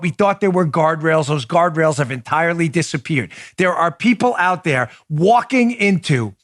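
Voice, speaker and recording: A man's voice: high voice, fairly bright tone, no room sound, clean studio sound. A middle-aged man hosting a podcast, delivering a fired-up political commentary monologue with emphatic, repeated words. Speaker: podcast host.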